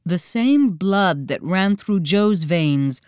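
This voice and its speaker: A woman reading a storybook aloud in a slow, dramatic, expressive manner. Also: lowish voice, clean tone, no room sound, studio quality. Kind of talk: scripted storybook narration.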